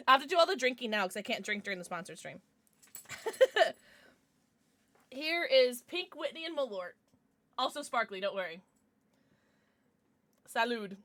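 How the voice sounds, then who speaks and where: A young woman chatting on a livestream in a bright, lively voice that bounces up and down. She rambles and giggles, starting sentences over and over. She is recorded close on a dry mic. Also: mid-range voice, dry recording. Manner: giggly and rambling, many likes and restarts. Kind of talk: casual livestream chat with viewers.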